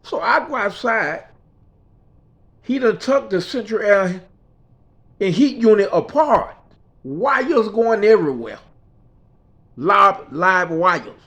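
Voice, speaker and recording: A man's voice: high-pitched, sing-song, slow pace, long pauses, a bit bright. A man telling a personal story in a conversational, repetitive way, often checking in with the listener. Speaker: speaker.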